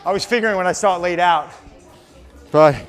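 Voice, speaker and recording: A man's voice: sits high, soft background music, low-quality recording. A man in his forties hosting, chatting upbeat and joking with a trainer during a gym workout. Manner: chatty, upbeat banter with quick laughs. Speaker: fitness trainer and show host. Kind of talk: casual chat during a workout.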